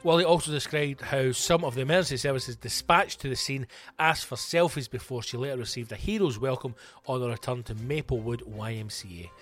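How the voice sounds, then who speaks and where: A man's voice: mid-range voice, a little fast, fairly bright tone. A Scottish man hosting a comic podcast, ranting animatedly with plenty of swearing. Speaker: comedian and podcast host.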